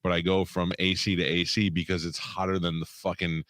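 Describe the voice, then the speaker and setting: Deep, laid-back man, dry sound. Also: flat delivery, fairly quick, fairly bright tone, no echo. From lives in Florida. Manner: laid-back, profane, laughs easily. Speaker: podcast co-host. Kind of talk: casual chat.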